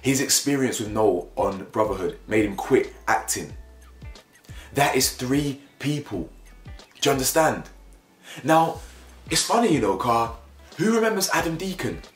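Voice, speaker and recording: A man's voice: a little slow, long pauses. Emphatic man in an echoey room. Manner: animated, emphatic, repeats phrases for emphasis, jumps up in pitch when worked up. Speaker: YouTube commentator. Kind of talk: opinion commentary vlog. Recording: echoey room with faint music bed.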